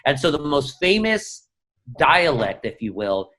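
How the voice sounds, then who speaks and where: A middle-aged man, a newspaper columnist, talking as an interview guest in an animated, profane storytelling way. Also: a little high, measured pace. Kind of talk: casual interview conversation.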